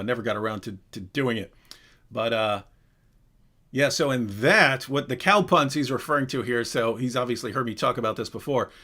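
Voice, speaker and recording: Animated man chatting on a livestream. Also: medium pitch. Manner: animated, rambling, self-interrupting. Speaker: live Q&A host. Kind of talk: casual livestream chat.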